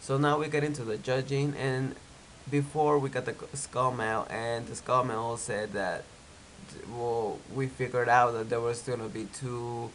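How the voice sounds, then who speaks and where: A man's voice: mid-range voice, flat delivery, a little slow, a bit bright, a little hiss or hum, rough recording. A young man with a stuffy nose from a cold, recapping a reality show in a chatty, opinionated way, with lots of "like". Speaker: TV recap vlogger.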